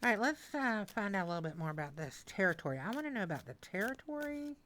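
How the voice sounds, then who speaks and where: A woman's voice: medium pitch, quick pace. A woman in her sixties giving a casual, emotional tarot reading, repeating key phrases and often stepping away from the mic. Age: 60s. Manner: animated, repetitive, emotional. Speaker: tarot reader. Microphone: mic that she moves away from at times.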